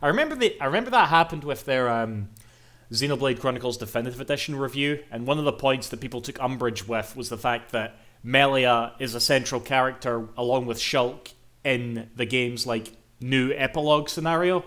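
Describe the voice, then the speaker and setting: A man's voice: medium pitch, a bit bright. A young man chatting casually while streaming a game, rambling, swearing and laughing often. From Scotland. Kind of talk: casual live-stream chat.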